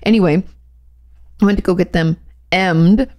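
A woman's voice: deep voice, fast talker, gravelly, darkish tone, dry recording. A woman co-hosting a podcast, telling stories in a chatty way and laughing often. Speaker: podcast co-host. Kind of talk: casual chat.

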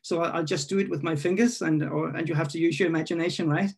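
A man reading his own poem at an online poetry event. He hesitates and corrects himself while introducing it, then reads in a measured, questioning way. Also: on the high side, fairly even intonation, gravelly, breathy edge. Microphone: video call.

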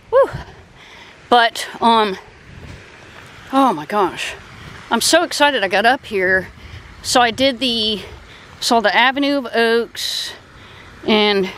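A middle-aged woman with a fairly high voice chats into a handheld phone as she walks through an outdoor park. She rambles excitedly from one thing to the next, with faint outdoor noise behind her. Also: low-quality recording. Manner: chatty, excitable, rambling, with high sing-song baby talk to her parrot. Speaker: vlogger. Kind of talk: casual walking vlog.

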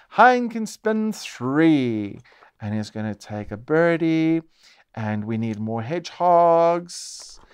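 A man presenting a board game show, narrating each turn play-by-play and exclaiming as pieces come out. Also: on the high side.

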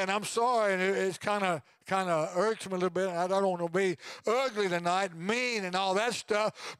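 A man in his sixties preaching a sermon as pastor, swinging between loud preaching and quiet asides. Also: high voice, smooth, no echo.

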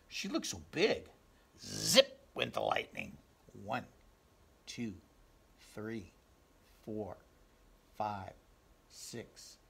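A man reading a children's picture book aloud, counting slowly and asking the listeners questions. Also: fairly low pitch, bright, forceful tone. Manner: clears throat, asks listeners direct questions, counts slowly. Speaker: storybook reader.

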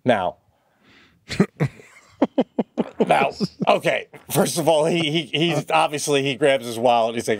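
A man chatting casually as a podcast co-host, dry and close to the mic. He tells stories with big swings in pitch. He swears freely, calls his friend "bro" and breaks into loud, high-pitched outbursts. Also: a little slow, vocal fry, pauses often, no room sound. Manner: animated storyteller, swears, says "bro". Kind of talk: casual chat.

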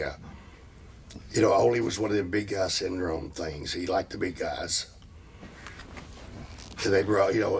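A man with a low, rough, gravelly voice sits for an interview and tells long, profane stories. His talk rambles and loops back on itself. A faint hiss of noise sits under the recording. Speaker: interview guest, former tag team wrestler. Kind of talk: casual storytelling interview.

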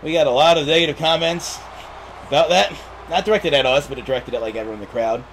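A man's voice: a little high, fast talker, a bit bright, a little hiss or hum. A young man giving casual, laughing play-by-play commentary on a wrestling video game.

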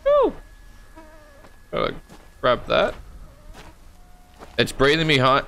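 Australian man, horror game commentary, lively swooping pitch, slow unhurried delivery, bright voice, swears and jokes. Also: slight background noise. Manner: jumpy, swears a lot, jokes to himself. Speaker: gaming channel host.

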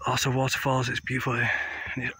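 A man from England vlogging his travels with excitement, sprinkling broken Portuguese and Spanish words into his English, outdoors in the rain. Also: medium pitch, brisk, slightly rough, poor audio. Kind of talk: casual travel vlog. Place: outdoors in rainy countryside.

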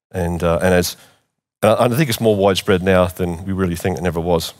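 A middle-aged man preaching in church, earnest and repeating phrases for emphasis. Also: deep voice. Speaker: pastor. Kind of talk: sermon.

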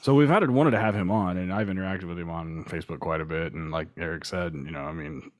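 A man with a very low, deep voice co-hosting a podcast in easygoing banter. He laughs often and curses casually, and the close mic gives a dry sound. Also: fast talker, no room sound. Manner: laid-back, laughing, profane. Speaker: podcast co-host.

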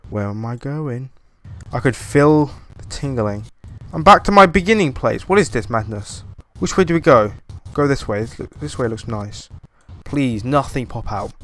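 A young man playing a horror game and commenting on it, jittery and panicky, talking to himself and sometimes humming in a sing-song way to calm his nerves. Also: fairly high pitch, normal speed. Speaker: gaming YouTuber.

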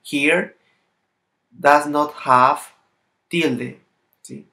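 Slow, bright-voiced man teaching a lesson. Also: a little high. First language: Spanish. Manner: slow, careful, non-native English, reading out word lists. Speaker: Spanish teacher. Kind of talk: recorded language lesson.

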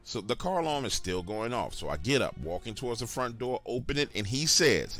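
A man's voice: medium pitch, sing-song, fairly quick, few pauses, fairly bright tone, faint music behind. A man telling a first-person horror story in a casual, conversational way, talking straight to the listeners.

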